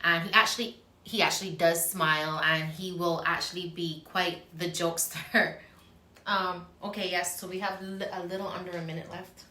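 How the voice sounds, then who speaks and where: A woman's voice: on the low side, little pitch movement, moderate pace, bright, forceful tone. Earnest woman chatting in an echoey room. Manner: earnest, explaining with examples. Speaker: co-host. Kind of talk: casual chat.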